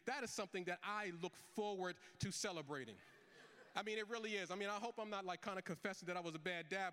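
A middle-aged man preaching a sermon as pastor, telling a family story with lively acted-out dialogue. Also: high-pitched, big-room sound. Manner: storytelling with animated quoted dialogue.

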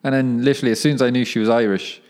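This man's medium-pitched voice holds a steady tone and darkish timbre but races along quickly. He's a young professional footballer hosting a casual solo podcast, rambling, self-correcting and laughing at himself.

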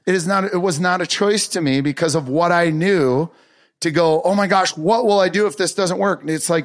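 A man's voice: fairly high pitch, normal speed. A man giving an earnest, emphatic motivational talk on a podcast, telling a personal story. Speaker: podcast speaker.

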